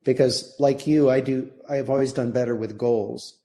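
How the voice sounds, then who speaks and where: An older man talks with a warm, mellow tone. He reflects calmly and measuredly on his years of playing and teaching, never rushing a thought. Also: mid-range voice. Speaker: guest, retired orchestral trombonist. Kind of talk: reflective podcast conversation.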